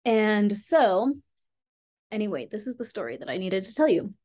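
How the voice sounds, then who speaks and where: A woman's voice: mid-range voice, big pitch swings, normal speed, mellow. A woman teaching spiritual healing in a casual vlog. She talks earnestly and rambles, with lots of "like" and "you know," speaking straight to her viewers.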